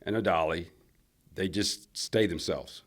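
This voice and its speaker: A man's voice: low voice, measured pace. A man from Alabama, a country singer telling rambling stories in a casual interview. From Alabama, USA. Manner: rambling storyteller, many restarts and fillers.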